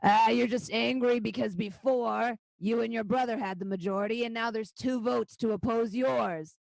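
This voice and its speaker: A woman's voice: on the high side, fairly even intonation, normal speed, creaky, a little mellow, no echo, voice pushed up, low-quality recording. A woman doing a jeering goblin man. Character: squabbling male goblin councillor.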